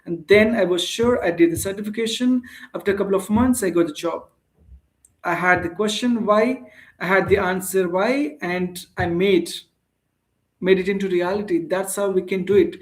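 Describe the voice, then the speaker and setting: Indian guy teaching english, high voice, talks earnest and casual, lots of uh and you know. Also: steady tone, moderate pace. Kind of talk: casual spoken English lesson.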